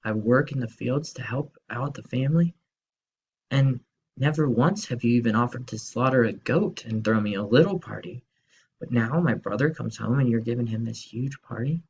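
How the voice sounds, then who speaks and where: A man's voice: fairly high pitch, animated, a little slow, vocal fry, warm tone, muffled recording, slight background noise, voice pushed up. A man voicing an indignant, complaining older brother. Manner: complaining, exasperated.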